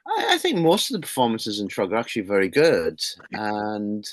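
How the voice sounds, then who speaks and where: A man's voice: on the low side, huge pitch swings, normal speed, dry recording. Enthusiastic rambling middle-aged man. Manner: rambling, enthusiastic, many restarts. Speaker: horror magazine publisher, guest. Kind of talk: casual interview chat.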